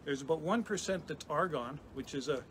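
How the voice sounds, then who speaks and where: A middle-aged man, a chemistry professor, giving a lively, chatty live science demonstration for kids with frequent restarts. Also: fairly high pitch, fairly quick. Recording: noisy background hiss.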